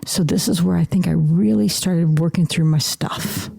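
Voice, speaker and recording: Gravelly low-voiced middle-aged woman. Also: normal speed, warm tone. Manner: emphatic, drops into whispered asides. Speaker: guest. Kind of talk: personal storytelling in conversation.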